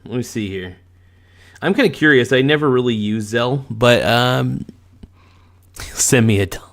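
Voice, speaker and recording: A man hosts a casual livestream and banters with his chat in a deep, old-time radio announcer voice. He talks slowly and takes his time, mixing joking and teasing with easygoing chatter, pitched at a middle height. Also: gravelly, a bit bright. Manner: joking, teasing, breaks into crooning song. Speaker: livestream host.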